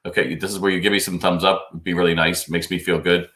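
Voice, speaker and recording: A man's voice: deep voice, level tone, fast talker, a bit bright, echoey room, slight background noise. A man hosting a live stream, reading out viewer questions and giving business advice in a chatty, casual way. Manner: chatty and advisory, reads out viewer comments. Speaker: host of a live retail Q&A stream. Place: home studio, New York.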